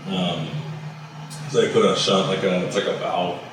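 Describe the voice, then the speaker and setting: A man's voice: low-pitched, little pitch movement, normal speed, noisy background. A man, a guest on an interview show, telling a personal story in a loose, casual way full of fillers and the odd swear word. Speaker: barbecue business owner, guest. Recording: very echoey room, voice far from mic.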